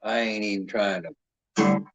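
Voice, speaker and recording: A man's voice: on the low side, fairly even intonation, slow, over music. A man hosting a boxing channel who talks in a profane, rambling, boastful way. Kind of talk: casual rambling chat. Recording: dull lo-fi sound.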